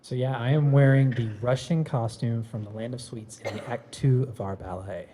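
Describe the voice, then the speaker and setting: A young American man, a ballet dancer, talking to children in a relaxed, modest way. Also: medium pitch, normal speed, slight background noise.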